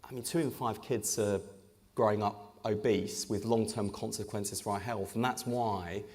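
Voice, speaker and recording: A man's voice: fairly low pitch, a little mellow. A man, an English politician, speaking in a live on-stage conversation with punchy, joking delivery. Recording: echoey hall with long reverb.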